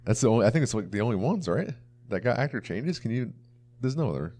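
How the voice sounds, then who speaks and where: Very animated and fast, this young co-host of a laid-back movie review podcast has a mid-range, darkish voice. His talk wanders, stuffed with filler words, and he imitates lines from films.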